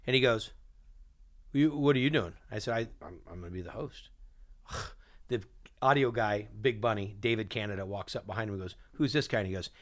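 Lively man telling animated stories. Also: fairly low pitch, fairly quick. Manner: lively, acts out other people's lines. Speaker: guest chef and TV host. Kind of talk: animated storytelling.

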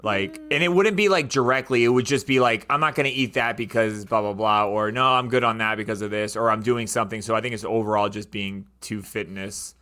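A young man fumbles through his answer on a casual podcast, hesitating and trailing off. His voice is fairly low but has a bright, forward edge. The delivery stays halting and unsure. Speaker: podcast co-host.

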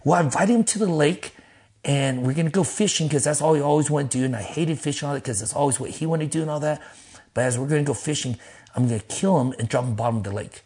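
Middle-aged pastor guy telling wild stories, loose and animated, does high squeaky voices for people he quotes. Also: fast. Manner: animated, acts out quotes in a high voice, laughs, swears casually. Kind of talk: personal storytelling interview.

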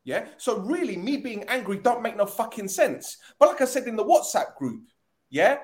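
A man's voice: sits high, sing-song, normal speed. Angry man ranting about football. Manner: angry, sweary, repeats himself. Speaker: football podcast host. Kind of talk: fan podcast rant.

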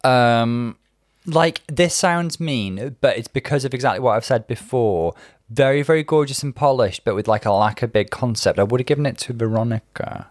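A man's voice: mid-range voice, moderate pace, dry recording, clean studio sound. A man co-hosting a casual podcast, thoughtful and easygoing in his opinions. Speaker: podcast co-host. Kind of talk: casual chat.

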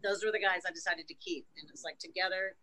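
A woman's voice: fairly low pitch, steady tone, fast, bright, forceful tone, poor audio. A woman guest in an interview, recounting a personal story frankly, emotionally and with plenty of swearing. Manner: frank and profane, emotional retelling.

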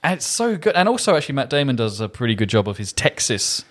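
A man's voice: mid-range voice, sing-song, fast. Enthusiastic English man reviewing films. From England. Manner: enthusiastic, rambling with restarts. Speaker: film podcast host. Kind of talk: casual film review chat.

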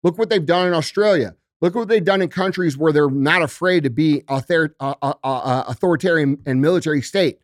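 A man's voice: on the high side, fairly quick, few pauses, dry recording. Profane ranting man, dry close mic. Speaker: guest. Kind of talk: heated podcast rant.

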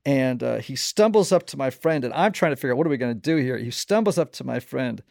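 Gravelly animated male interview host. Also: mid-range voice, fast talker, no echo, clean studio sound. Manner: animated storyteller, laughs often. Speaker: podcast host. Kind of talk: casual conversational interview.

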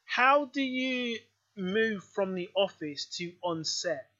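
A male interviewer with a high, bright voice asks brisk, chatty questions. He chips in with short nods of agreement. The sound is muffled and lo-fi. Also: animated. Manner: quick, chatty, short acknowledgements.

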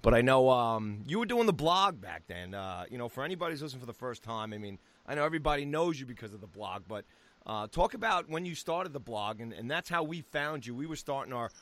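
A man co-hosting a casual sports podcast, energetic and chatty, often repeating words as he starts a thought. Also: mid-range voice. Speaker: podcast co-host.

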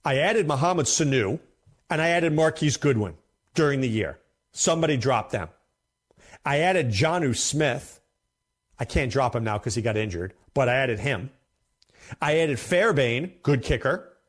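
A man hosting a fantasy football show, talking casually and emphatically, often repeating himself for effect. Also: on the high side. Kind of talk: casual commentary to camera.

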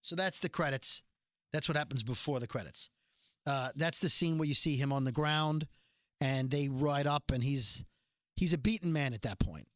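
Bright-voiced chatty man recapping a show. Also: mid-range voice, moderate pace, dry recording, studio quality. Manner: chatty, joking, rambling retelling with asides. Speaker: podcast host recapping a TV episode. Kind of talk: casual chat.

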